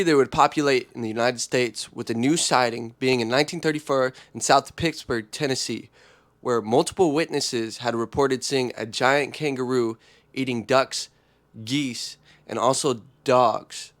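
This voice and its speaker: A male vlog host with a mid-pitched voice who talks in an energetic, joking, slangy way. His comedic delivery stays loose and casual, with faint music underneath.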